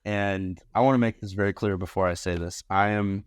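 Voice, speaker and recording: A man's voice: fairly quick, clean tone, dry recording, studio quality. A young man, a bartender and podcast guest, telling stories casually and acting out quotes in a raised voice. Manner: animated, acts out quotes in higher voices. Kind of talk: casual storytelling.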